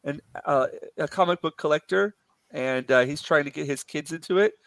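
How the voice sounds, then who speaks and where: A man's voice: fairly high pitch, moderate pace, creaky, a bit bright, no echo. A man chatting casually on a stream, rambling with lots of fillers. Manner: rambling, full of fillers and restarts. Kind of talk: casual chat.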